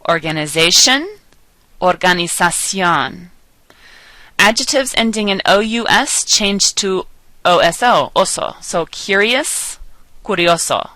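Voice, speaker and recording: A woman giving a recorded lecture as a language teacher, patient and explanatory, slowing down to enunciate example words clearly. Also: mid-range voice, expressive, pushed and bright, no room sound, rough recording. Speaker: Spanish teacher.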